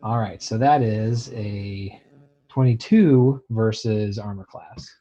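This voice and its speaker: A man's voice: lowish voice, slow pace, warm tone. A man playing a tabletop game, describing his character's moves loosely and often laughing. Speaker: player. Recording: muffled lo-fi mic.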